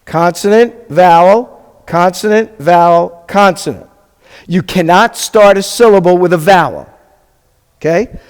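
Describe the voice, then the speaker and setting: A man's voice: high-pitched, a little slow, clear, resonant tone, long reverb tail. A man teaching a Hebrew class as a rabbi, patiently spelling things out and checking in often with his students. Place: classroom or hall with a live class.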